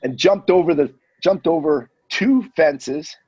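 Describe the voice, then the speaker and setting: Husky guy in his 50s telling a crazy story, doing all the voices, kinda muffled lo-fi sound. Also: a little high, a little slow. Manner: animated storyteller, acts out voices. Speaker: guest storyteller. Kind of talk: casual anecdote telling. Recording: dull lo-fi audio.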